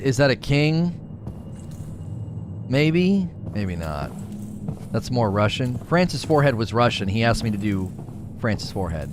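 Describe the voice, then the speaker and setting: A man with a lowish voice runs a gaming channel, giving live let's-play commentary as he plays. He jokes, pokes fun at himself and throws playful asides to viewers, over a noisy background.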